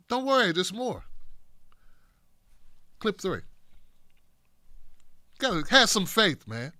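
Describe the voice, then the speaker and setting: A man's voice: sits high, big pitch swings, a little slow, pauses often, bright, forceful tone, no echo. A man hosting a casual livestream commentary show, reacting sarcastically to news clips. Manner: sarcastic, talks back to clips. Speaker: political commentary show host. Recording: dry close sound.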